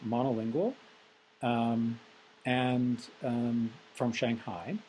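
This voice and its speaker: A man teaching a recorded software tutorial lecture, methodical and explanatory with frequent ums. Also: medium pitch, slight background noise, poor audio. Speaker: instructor.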